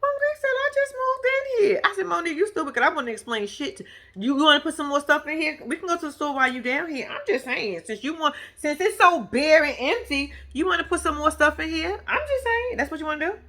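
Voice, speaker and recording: Woman, bright sharp tone, casual profane reaction vlog, laughing asides. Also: sits high, fast. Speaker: reality show commentator.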